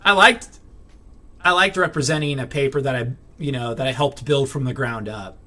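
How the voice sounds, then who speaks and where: Bright-voiced man venting in a rambling vlog. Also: medium pitch, normal speed. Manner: rambling, many fillers and restarts; irritated, blunt, swears. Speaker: vlogger. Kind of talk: casual venting to camera.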